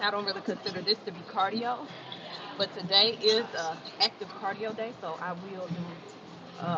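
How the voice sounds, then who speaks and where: A woman chatting casually on a livestream from an indoor gym, talking to viewers and repeating phrases for emphasis. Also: mid-range voice. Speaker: fitness livestreamer. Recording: muffled, noisy gym sound. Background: gym ambience.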